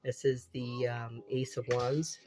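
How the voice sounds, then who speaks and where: A man with a stuffy, congested nose reads tarot cards in a casual, chatty way, repeating lines and dropping the odd curse. His voice has a mellow, warm tone at a middle pitch. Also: flat delivery, takes it slowly. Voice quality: unusual voice. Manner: repetitive, exclamatory, casual swearing. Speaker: tarot reader.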